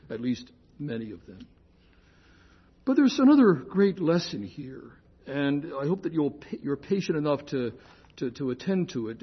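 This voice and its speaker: An older man with a slightly high, husky voice gives an informal lecture, wandering into asides and correcting himself mid-sentence. He slows right down to explain key terms. The recording is muffled and lo-fi. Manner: chatty, digressive, with restarts and self-corrections. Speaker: lecturer on scripture.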